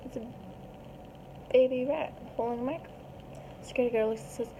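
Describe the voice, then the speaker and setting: A woman retelling a picture book story aloud in a chatty, animated way. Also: on the high side, brisk, long pauses, a little hiss or hum, low-quality recording. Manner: chatty, animated, puts on small voices for the animals.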